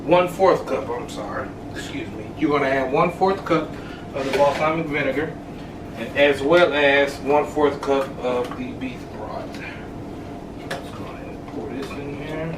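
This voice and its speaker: Relaxed man demonstrating a recipe. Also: medium pitch, normal speed. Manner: relaxed step-by-step instructions to viewers. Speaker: home cook. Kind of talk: cooking demonstration. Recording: echoey room from a distance, noise.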